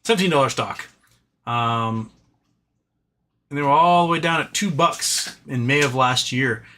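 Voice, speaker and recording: A man's voice: mid-range voice, a little slow, sharp tone, a little hiss or hum. Rambling man hosting a live stream. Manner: rambling, self-deprecating, sighs and swears. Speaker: livestream host reading viewer chat. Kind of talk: casual live-stream market chat.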